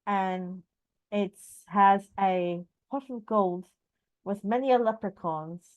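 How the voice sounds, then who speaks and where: A woman spins silly, giggly answers at a home trivia night. Her voice sits at a middling pitch and the sound is dry and close. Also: slow, no echo, dull audio. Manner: playful, silly, giggly storytelling. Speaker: trivia game player, channel host. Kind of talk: casual party game chat.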